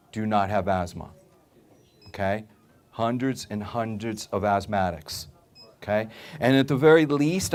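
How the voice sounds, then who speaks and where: Emphatic man giving a live sales talk. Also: mid-range voice. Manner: emphatic, repeats points, keeps asking "okay?"; acts out customers' voices in anecdotes. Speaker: supplement store speaker.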